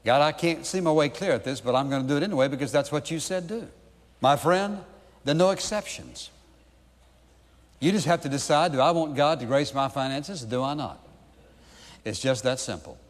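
A man's voice: on the high side, brisk, in a large hall. A man preaching a sermon, emphatic, with repeated rhetorical questions. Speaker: pastor.

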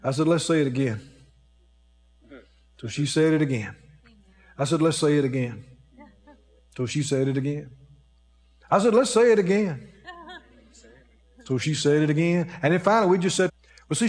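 A man delivers a sermon as a story, his fairly high voice leaping up and dropping to a hush. His pitch moves a great deal, and the sound carries a long reverb, as in a large hall. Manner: animated storytelling, swinging from low hushed to high excited. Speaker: preacher.

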